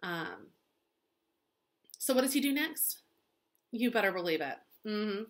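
A woman's voice: medium pitch, big pitch swings, measured pace. A young woman teacher chatting through a story recap in a gossipy, sarcastic way, filling her talk with "like" and "um".

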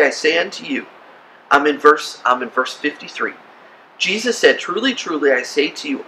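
A man giving an animated children's sermon as pastor, acting out silly voices and reactions. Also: high voice, a little hiss or hum, low-quality recording. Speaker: kids' pastor.

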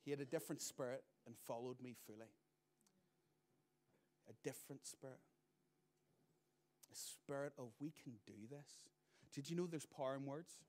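A man's voice: mid-range voice, normal speed, long pauses, darkish tone. Man preaching with swinging emphasis. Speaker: pastor. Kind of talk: sermon.

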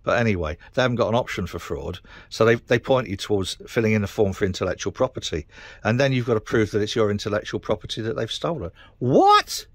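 A middle-aged British man rants to camera, frustrated and sweary, rambling from one complaint to the next. His voice sits fairly low, and the sound is dry and close. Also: quick pace, no echo. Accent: British English. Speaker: vlogger. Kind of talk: casual rant to camera.

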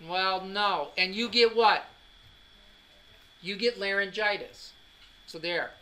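A man's voice: high voice, slow, sharp tone, rough recording. A man giving a classroom anatomy lecture, joking and quizzing students as he goes. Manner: joking, drills students with questions.

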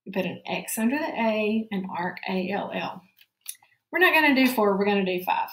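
Woman teacher, slow clear dictation for young kids, mid-pitched voice, roomy echo. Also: animated, a bit bright, slight background noise. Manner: slow, clear dictation, repeating each word. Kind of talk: spelling lesson for young children.

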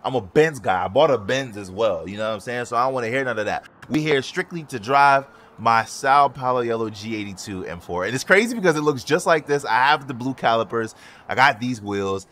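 A man's voice: mid-range voice, expressive, fairly quick, a bit bright. A young man hosting a casual gaming vlog at his home racing simulator, talking in a hyped, joking, profane way. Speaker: sim racing YouTuber. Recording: music and game car sounds behind.

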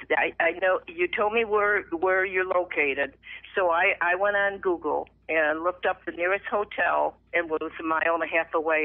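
A middle-aged woman telling her personal faith testimony as a radio guest, emotional and animated, acting out the voices in her story. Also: fairly low pitch, no echo. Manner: emotional, animated retelling with lively acted quotes. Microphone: phone. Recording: tinny dry phone line.

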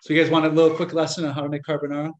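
An American man, a young Catholic priest, talks to an audience in a loose, story-telling lecture. His voice sits a little high and he slips into the voices of the people he quotes. The sound bounces around an echoey room. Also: rapid-fire, lo-fi sound, slight background noise. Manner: chatty, animated, acts out quoted voices. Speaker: Catholic priest giving a talk.

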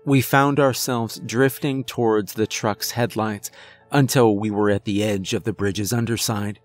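A man reading a first-person horror story aloud in a measured, suspenseful way. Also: lowish voice, fairly even intonation, dry recording. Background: faint music.

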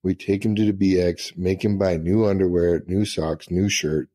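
A man's voice: deep voice, steady tone, normal speed, warm tone. A middle-aged man, a retired senior master sergeant, telling profane, laughing anecdotes in casual storytelling.

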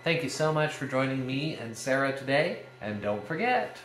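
A man's voice: medium pitch, normal speed, a bit bright. A man hosting a casual lesson on Shakespearean verse, playful and given to jokey asides. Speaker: video series host teaching Shakespeare verse. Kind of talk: casual educational talk. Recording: echoey room with faint ambient noise.

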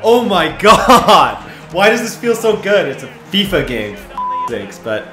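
Man, gaming commentary, excitable, hoarse voice, echoey room, faint music. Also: sits high, unhurried. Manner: excitable, swings from mutters to shouts. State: losing his voice. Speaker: gaming YouTuber. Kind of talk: live game commentary.

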